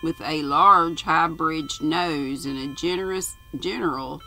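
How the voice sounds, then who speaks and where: An older woman reading a novel aloud in an unhurried way with casual asides, her voice gravelly. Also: deep voice, fairly even intonation, pushed and bright, faint music behind. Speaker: channel host reading aloud. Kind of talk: storybook reading.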